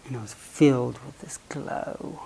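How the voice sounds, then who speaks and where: A man giving a Buddhist dharma talk, telling a story in a playful, animated way and sometimes dropping almost to a whisper. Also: mid-range voice, unhurried, vocal fry, a little hiss or hum, poor audio. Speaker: Buddhist meditation teacher.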